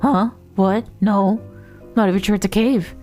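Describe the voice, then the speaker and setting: A woman's voice: medium pitch, fairly even intonation, measured pace, warm tone, faint music behind, natural voice. A fretful little creature from a cartoonish detective game, prickly and defensive, always on alert to protect its shells, read aloud by a woman in a voice close to her own. It talks in curt, nervous bursts. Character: fussy jumpy shell-guarding critter. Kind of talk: reading game dialogue aloud.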